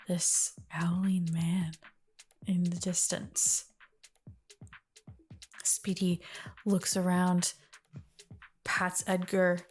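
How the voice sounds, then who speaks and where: A woman narrating as game master of a fantasy storytelling game, in a casual, loose way with fillers. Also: fairly low pitch.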